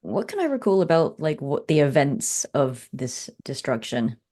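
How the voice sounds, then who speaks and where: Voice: medium pitch, big pitch swings, moderate pace, darkish tone. A player in a tabletop game speaking in character, asking short, curious questions.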